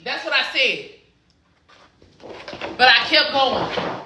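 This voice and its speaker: A woman from the Southern United States with a Southern accent, an exam prep coach chatting on a phone live stream in an excitable, encouraging way. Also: sits high, slow pace, long pauses, background noise. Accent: Southern American. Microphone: phone camera.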